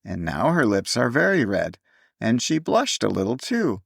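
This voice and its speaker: A man's voice: mid-range voice, very animated, normal speed, gravelly, fairly bright tone, dry recording, studio quality, exaggerated voice. A man voicing a little girl in a storybook reading, earnest and explaining things with grave wisdom. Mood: eager. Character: little girl, eager and wise beyond years.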